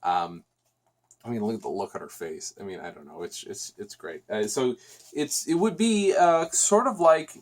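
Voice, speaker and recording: A man's voice: on the low side, expressive, normal speed. A man hosting a podcast, talking casually and reviewing on his own, rambling, with many restarts and fillers. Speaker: podcast host.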